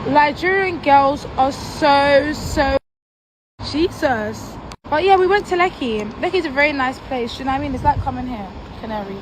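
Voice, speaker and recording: A young British woman, telling a lively, laughing story in a vlog. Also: high voice, moderate pace. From United Kingdom. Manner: animated, laughing, dramatic storytelling. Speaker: vlogger. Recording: noisy street background with traffic.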